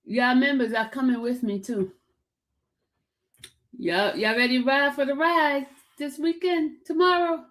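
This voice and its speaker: A woman's voice: high voice, fairly even intonation, a little slow, long pauses, a bit bright. Chatty woman hosting a livestream. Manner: chatty, repeats herself, calls out to viewers by name. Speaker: livestream host. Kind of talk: casual livestream chat. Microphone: streaming setup.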